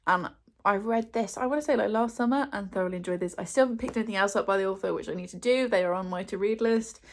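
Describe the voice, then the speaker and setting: A woman's voice: medium pitch, fast talker, a little hiss or hum. A young woman from England chatting to camera, with a chatty, self-deprecating manner and many fillers. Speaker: booktuber. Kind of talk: casual chat to camera.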